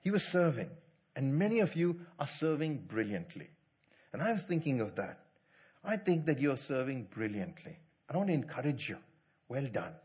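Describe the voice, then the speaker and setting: Husky, animated preaching man. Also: mid-range voice. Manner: animated storytelling, acts out quotes, swings loud to hushed. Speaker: pastor. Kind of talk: sermon.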